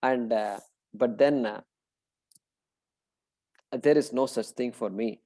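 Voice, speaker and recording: A middle-aged man leads a scripture class in a relaxed, conversational way. His voice sits at an ordinary middle pitch. He talks loosely with plenty of fillers and slows down to chant Sanskrit terms. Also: rough recording. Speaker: Vedanta teacher.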